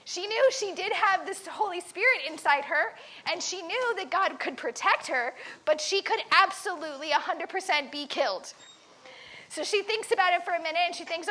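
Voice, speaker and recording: Very high, bright woman telling a story. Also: moderate pace. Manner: animated, dramatic, quizzes the listeners. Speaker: camp teacher. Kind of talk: storytelling to children.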